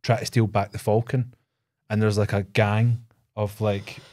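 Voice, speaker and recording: A Scottish man chatting casually as a podcast co-host, relaxed and anecdotal. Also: lowish voice, a little slow, noisy background. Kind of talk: casual chat.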